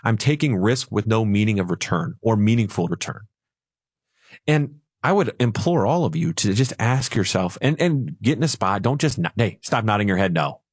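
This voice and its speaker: A man's voice: fairly low pitch, expressive, normal speed, husky, no echo, studio quality. A man co-hosting a retirement finance radio show, telling stories and acting out little voices playfully. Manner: storytelling, acts out voices playfully.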